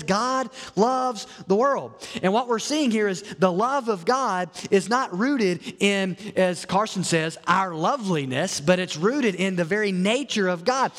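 A man's voice: sits high, a bit bright, in a large hall. A man preaching a sermon as a pastor, earnest and often repeating or restarting his words.

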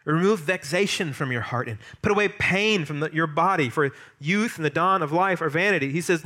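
A man preaching a sermon as pastor, lively, emphatic and humorous. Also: on the high side, normal speed, pauses often.

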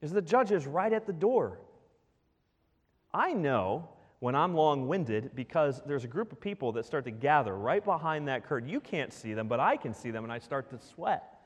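A male pastor preaching a sermon in a church, animated and full of rhetorical questions to the congregation. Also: on the high side, moderate pace, slightly rough. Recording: long reverb of a large hall.

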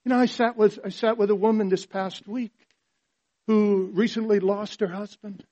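A male pastor preaching a sermon, swinging from hushed, quiet passages to loud, emphatic ones. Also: sits high, fairly even intonation, normal speed, lo-fi sound.

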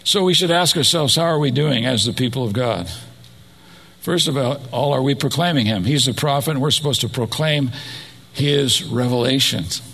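A man preaching a sermon, his voice gravelly with a husky edge. He asks his listeners questions and adds personal asides as he goes. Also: medium pitch, moderate pace, fairly bright tone.

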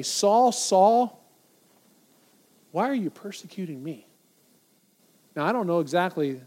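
Male pastor, sermon, high voice, emphatic, repeats phrases for weight. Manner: acts out quoted voices, from loud to near silent.

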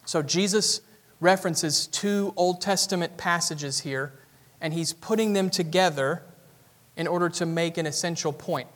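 High-voiced Southern pastor preaching. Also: male voice. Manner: earnest expository preaching, builds in intensity. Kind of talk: sermon. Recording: reverberant church hall.

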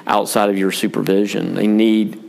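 A man's voice: fairly low pitch, flat delivery, moderate pace, creaky, darkish tone. A man, a pastor and father, talking about parenting in a frank, rambling, self-deprecating way, with many fillers and restarts. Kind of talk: casual pastoral chat on parenting.

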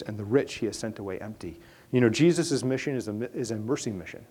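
A man's voice: fast talker, husky. Man preaching an earnest sermon. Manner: earnest preaching that rises to loud, high emphasis. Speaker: pastor.

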